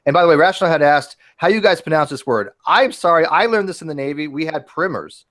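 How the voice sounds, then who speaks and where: A man hosting a casual podcast chat, talking in animated bursts with frequent restarts and casual swearing. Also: a little high, fast talker. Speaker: host.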